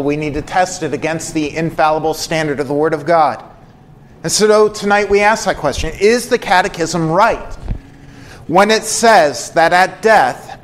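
A man delivers an earnest sermon as pastor, stacking repeated phrases and rhetorical questions for emphasis. His voice sits a little higher than most men's. A faint hiss of background noise sits under the recording.

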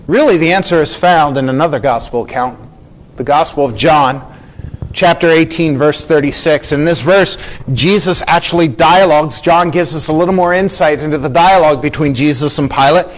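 A man's voice: a little high, moderate pace, rough recording. A man preaching a sermon as a pastor, explaining scripture earnestly and acting out the quoted lines.

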